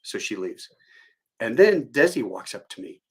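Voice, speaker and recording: A man's voice: medium pitch, big pitch swings, moderate pace, breathy edge. Rambling middle-aged male storyteller. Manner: rambling and digressive, with many fillers. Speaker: storyteller, airline pilot. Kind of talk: casual anecdote on a solo live stream.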